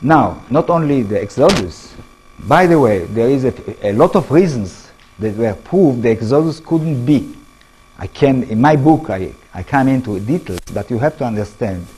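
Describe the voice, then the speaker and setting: An older man with an Israeli accent giving a lecture to an audience, in halting English, often restarting words and asking the listeners questions. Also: mid-range voice, mellow, breathy edge, poor audio. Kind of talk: public talk to an audience.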